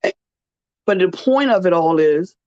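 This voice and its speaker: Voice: mid-range voice, lively intonation, a little slow, a little mellow, no echo. A podcast host, tired and earnest, speaking in a personal heartfelt monologue and repeating phrases for weight. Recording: dull, muffled dry recording.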